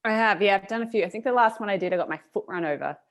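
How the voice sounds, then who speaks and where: A woman's voice: mid-range voice, very fast. A woman cycling journalist on a podcast, telling a rambling anecdote. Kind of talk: podcast discussion.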